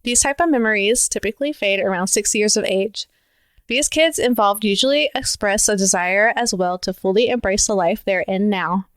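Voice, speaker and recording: A woman's voice: medium pitch, moderate pace, no echo. A woman co-hosting a podcast, reading stories aloud and laughing often between them. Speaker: podcast co-host. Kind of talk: reading stories, casual chat.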